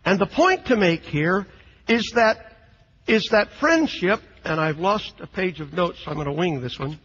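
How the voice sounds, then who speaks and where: A man lecturing on scripture in an unscripted, halting style, often repeating words as he thinks. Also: high-pitched, lively intonation, a bit bright, in a large hall, highs cut off, slight background noise. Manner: halting, repeats words, reads quotes with emphasis. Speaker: lecturer on the New Testament.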